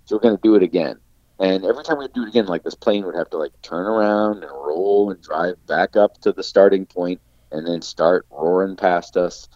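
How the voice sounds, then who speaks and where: A very low-voiced man recounts a story in a loose, animated way, peppering his sentences with "like." His voice comes through dry and a bit dull, as on a lo-fi recording. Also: moderate pace, no room sound. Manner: animated storyteller, heavy use of "like" fillers. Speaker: podcast guest, actor. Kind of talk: casual anecdote-telling.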